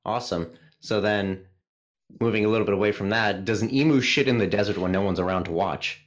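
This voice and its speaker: A man's voice: on the low side, fairly quick. A man hosting a podcast in casual chat, swearing freely as he asks his questions. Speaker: podcast host.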